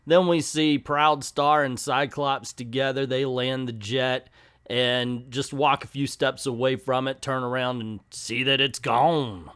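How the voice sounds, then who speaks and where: A chatty man tells a comic book plot in a loose, casual recap. He drops joking asides as he goes, with a middle-pitched, everyday voice. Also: fairly even intonation, measured pace, fairly bright tone, smooth. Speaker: comic book video host.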